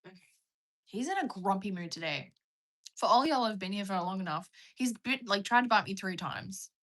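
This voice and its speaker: A woman's voice: mid-range voice, expressive, normal speed, a bit bright. A young Australian woman hosting a casual livestream, chatting in a rambling, self-mocking way while she reads out viewer comments. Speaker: livestream host.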